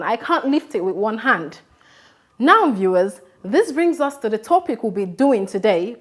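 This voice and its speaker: A young Nigerian woman with a Nigerian accent, a teacher contestant giving an expressive classroom lesson to camera and acting out her examples. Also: mid-range voice. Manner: expressive, acts out examples dramatically.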